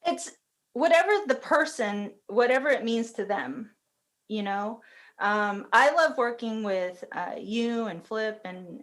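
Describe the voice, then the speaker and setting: Chatty, emotional woman podcast guest. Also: medium pitch. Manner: chatty, laughs often, emotional. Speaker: podcast guest, company COO. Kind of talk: casual podcast conversation.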